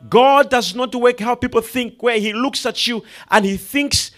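A man preaching a sermon, swinging between hushed asides and loud emphatic declarations, acting out the people in his stories. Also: very high-pitched, measured pace, hardly any pauses. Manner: quotes and acts out characters in the story, laughing.

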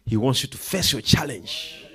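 A man preaching a sermon, swinging between hushed asides and loud emphatic declarations, acting out the people in his stories. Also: mid-range voice, animated, normal speed, husky. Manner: quotes and acts out characters in the story, laughing.

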